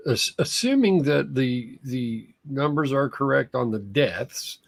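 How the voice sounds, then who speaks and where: Gravelly, husky man chiming in. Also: mid-range voice, animated, takes it slowly, dry recording. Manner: short dry interjections. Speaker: podcast co-host. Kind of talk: casual chat.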